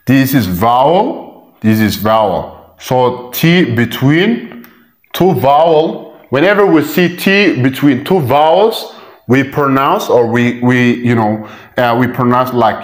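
A man teaching English pronunciation. He repeats example words slowly and switches between languages as he explains. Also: mid-range voice, lively intonation, reverberant. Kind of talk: pronunciation lesson.

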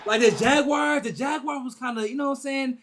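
A man hosting a sports reaction video, talking casually and excitedly to his viewers in slangy chat. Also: extremely high pitch, brisk, a crowd in the background.

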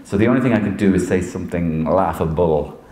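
An Irish comedian and impressionist telling animated anecdotes, laughing often and slipping into voices. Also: male voice, low-pitched, fast, roomy sound. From Ireland. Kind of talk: anecdotal storytelling to an audience. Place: university hall.

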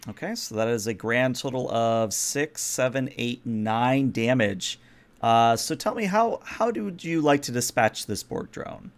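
A man's voice: medium pitch, animated, unhurried, a little hiss or hum. A man running a tabletop role-playing game as game master, explaining the rules patiently and narrating the action.

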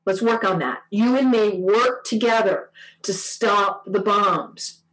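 Woman quoting a gentle peacemaker woman. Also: medium pitch, slow, rough recording. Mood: encouraging. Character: warm woman guest, peace worker.

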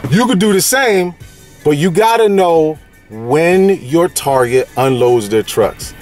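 A man's voice: fairly high pitch, expressive, slow, a little mellow, faint music behind. A man from California hosting a casual toy-hunting vlog, with playful slang-filled banter and a sing-song delivery. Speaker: toy collecting vlogger.

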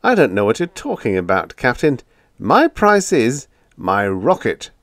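A man's voice: medium pitch, big pitch swings, a little slow, no room sound, clean studio sound, voice pushed up. A man playing a smug, cocky young space officer. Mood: innocent. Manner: smug, quietly confident.

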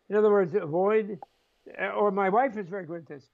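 A man's voice: sits high, a little fast, gravelly, narrow, tinny audio. An older man, a Buddhist scholar and interview guest, telling rambling, chuckling stories and acting out the voices in them. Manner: chuckling, acts out voices in quotes, rambling asides. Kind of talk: animated storytelling in conversation.

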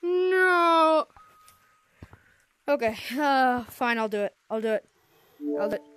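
A woman's voice: fairly high pitch, moderate pace, smooth. A woman commenting casually on her gameplay, jumpy and easily startled, complaining as she goes. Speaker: game streamer.

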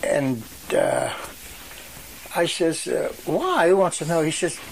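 A man's voice: fairly high pitch, slow, gravelly, a little hiss or hum. A man, telling rambling stories in an oral history interview and acting out the voices of the people in them. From western Pennsylvania. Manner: rambling storyteller who acts out quoted voices. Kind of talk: storytelling reminiscence.

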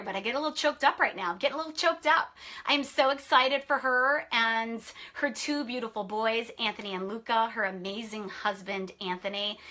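A woman hosts a casual live stream as a sleep consultant, talking straight to her viewers. She sounds bubbly and effusive and repeats herself for emphasis. Her voice sits a little high and rings bright.

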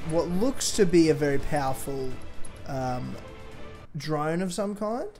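Teasing man with a lively voice. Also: fairly high pitch, measured pace, faint music behind. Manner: teasing, crude jokes. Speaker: co-op gaming friend. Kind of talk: casual co-op gaming chat.

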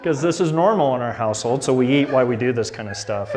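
A man's voice: mid-range voice, lively intonation, fast, background noise. A middle-aged man preaching a sermon, telling a family story with laughter and acted-out dialogue. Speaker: pastor.

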